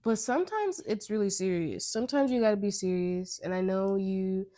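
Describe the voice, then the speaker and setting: A woman's voice: medium pitch, expressive, normal speed, warm tone, no echo, studio quality. A young American woman hosting her own podcast, talking through her thoughts in a rambling, earnest way, often cutting herself off mid-sentence. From United States. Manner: rambling, self-interrupting, earnest. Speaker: podcast host. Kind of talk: casual podcast monologue.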